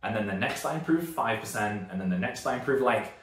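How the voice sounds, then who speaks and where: Chatty British coach in an echoey room. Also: male voice, fairly low pitch, animated, fast talker. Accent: British, northern English. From Britain. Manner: chatty, rambling with tangents and self-corrections. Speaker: strength coach. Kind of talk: casual video lesson.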